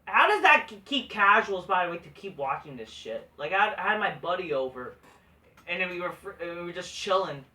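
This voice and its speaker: A man's voice: sits high, big pitch swings, moderate pace, sharp tone, far from the mic. A man hosting a wrestling review vlog, ranting with heavy profanity and frequent restarts. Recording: echoey room, voice off-mic.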